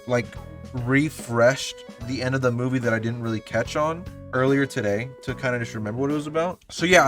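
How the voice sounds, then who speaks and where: A man's voice: medium pitch, a bit bright. A young man in his twenties reviewing movies in casual, rambling chat, full of fillers and swearing. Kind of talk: casual vlog commentary.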